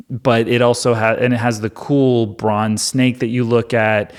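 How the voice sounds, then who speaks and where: An amused man chatting casually to camera as he hosts a video about scripture. His speech is relaxed and full of asides and "like"s, at an average pitch. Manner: amused, conversational, with many filler "like"s. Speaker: Bible-reading YouTuber. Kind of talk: casual commentary.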